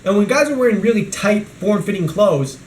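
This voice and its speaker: A man talks his way through a toy review vlog, rambling and ranting about whatever comes to mind. His voice sits a bit high and swings widely, with a faint hiss of noise behind it. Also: expressive, brisk, echoey room. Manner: rambling and ranting, jumping between topics. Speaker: vlogger.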